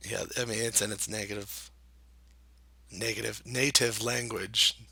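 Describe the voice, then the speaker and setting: A man casually commenting while playing a geography guessing game, thinking out loud with many hesitations and self-deprecating remarks. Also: lowish voice, little pitch movement, unhurried, vocal fry, breathy edge, no room sound. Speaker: gameplay commentator. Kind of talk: casual let's-play commentary.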